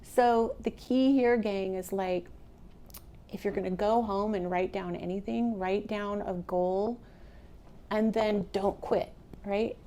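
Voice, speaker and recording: A middle-aged woman gives a motivational talk to a roomful of listeners, chatty and lively as she speaks to them directly. Her voice sits at an ordinary mid pitch. A faint room hum runs under the recording. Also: slow pace. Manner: conversational, animated, addresses the audience directly. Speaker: real estate speaker. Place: meeting room with a live audience.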